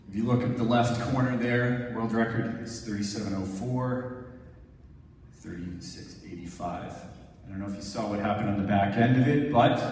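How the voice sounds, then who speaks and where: A man in his thirties from Canada, a former Olympic sprinter, gives a conversational talk to an audience, narrating video clips and asking a helper to play or pause them. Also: on the low side, a little mellow, a little hiss or hum. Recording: echoey hall from far off, faint ambience.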